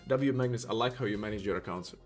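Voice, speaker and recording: A man's voice: lowish voice, quick pace, faint music behind. A man from Sweden with a Swedish accent, chatting casually on a live stream, rambling with lots of fillers as he thinks aloud. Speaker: livestreamer.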